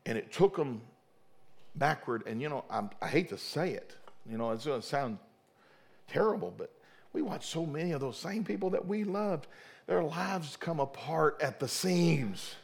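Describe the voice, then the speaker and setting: Gravelly fervent middle-aged preacher man. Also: fairly high pitch, expressive, normal speed. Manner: fervent, repeats and restarts words. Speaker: pastor. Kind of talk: sermon.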